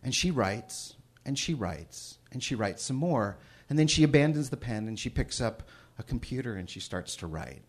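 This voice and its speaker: A middle-aged man tells a story on stage before a live audience. His voice is husky and a little breathy, at an ordinary male pitch. He swings from soft, hushed asides to loud bursts. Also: sing-song, normal speed. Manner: shifts from hushed asides to loud shouted reading.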